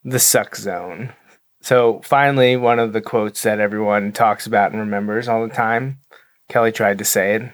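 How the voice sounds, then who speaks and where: A man's voice: fairly low pitch, fairly even intonation, normal speed. Man hosting a podcast, carefully enunciated. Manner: dry, self-deprecating, enunciates carefully. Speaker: podcast co-host. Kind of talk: casual chat.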